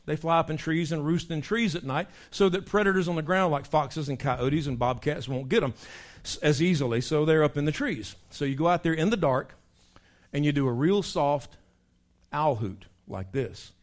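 Male pastor, lively folksy sermon delivery, voice sits a bit high. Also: a little fast. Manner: animated, imitates animal calls and voices.

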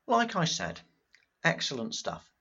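An actor playing a jolly, easily flustered host chairing a studio panel. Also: male voice, on the high side, a little slow, breathy edge, lo-fi sound, exaggerated voice. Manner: jolly, flustered, lively intonation. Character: genial male radio host chairing a panel.

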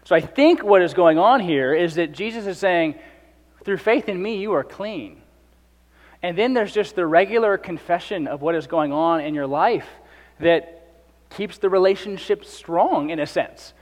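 A man's voice: high-pitched, a little slow, in a large hall. A man preaching a sermon in a conversational way, acting out the speakers in the passage. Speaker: pastor.

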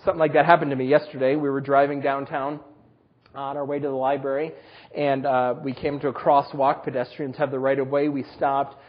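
A man preaching a sermon, telling personal stories with self-deprecating humor in a husky voice. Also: medium pitch, muffled recording. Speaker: pastor.

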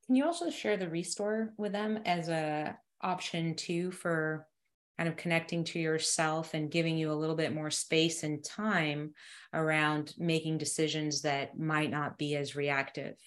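A woman's voice: sits low, steady tone, unhurried. A woman, a doctor, talking reflectively on a podcast and posing questions aloud. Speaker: doctor and co-author. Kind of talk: casual podcast conversation.

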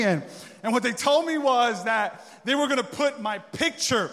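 A man's voice: very high voice, normal speed. A young man preaching a sermon, telling a funny story and acting out the dialogue with lots of energy. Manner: animated, joking, acts out dialogue. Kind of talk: sermon storytelling to a live audience. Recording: long reverb of a large hall.

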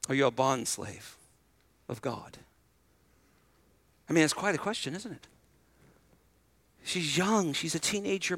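Bright-voiced, high-pitched pastor preaching. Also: male voice, no room sound. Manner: conversational preaching, rhetorical questions to the congregation; repeats words when starting sentences. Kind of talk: sermon.

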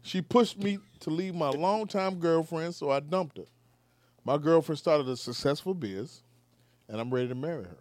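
A man with a fairly high voice, joking with a group of friends in loose, laughing banter. He stumbles and repeats himself as he talks. The sound is close and dry, with no room echo. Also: moderate pace, darkish tone. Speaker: podcast co-host reading listener stories.

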